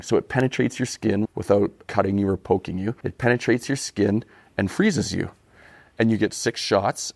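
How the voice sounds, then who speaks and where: A man from Saskatchewan, a podcast guest telling a comic story in an animated, self-deprecating way. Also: on the low side, no echo. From Canada (Saskatchewan).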